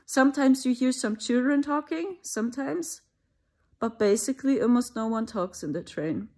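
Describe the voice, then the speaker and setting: A woman's voice: on the high side, animated, moderate pace, a little mellow. A woman from Germany with a German accent, talking in a rambling, conversational monologue for her own channel. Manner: rambling, conversational, with mocking asides. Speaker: spiritual channel host. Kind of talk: casual spoken monologue.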